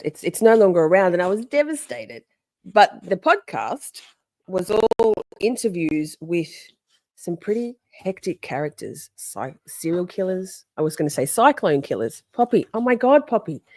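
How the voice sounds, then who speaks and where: A woman's voice: mid-range voice, a little mellow, no echo. A woman hosting a live-stream podcast from home in a casual, chatty way, greeting viewers by name and breaking off to scold her dogs. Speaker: podcast host.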